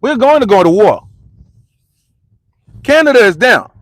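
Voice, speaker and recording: High-voiced man ranting, slangy and repetitive. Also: sing-song, a little slow, no echo. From United States. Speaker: vlogger and commentator. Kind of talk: heated street-rant vlog. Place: parked car.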